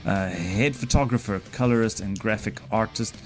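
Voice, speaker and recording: A man's voice: lowish voice, moderate pace. A man with a South African accent reacting to a music video in easygoing, casual chat.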